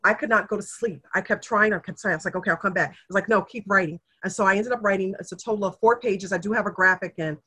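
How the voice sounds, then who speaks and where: Here a middle-aged woman talks fast with few pauses, her medium-pitched voice husky. As a guest recounting family history in casual talk, she is heartfelt and emotional, livening up whenever she imitates someone she's quoting.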